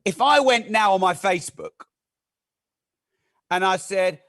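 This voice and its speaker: A man hosts a live-streamed masterclass, his voice high for a man. He's energetic and talks fast and chatty, stopping to joke with viewers and name them.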